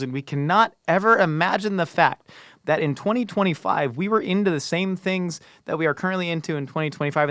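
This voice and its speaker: A man in his thirties co-hosting a podcast, chatting casually and ranting his opinions in an animated, rambling way. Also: high-pitched, no room sound, studio quality. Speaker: podcast co-host. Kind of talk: casual chat.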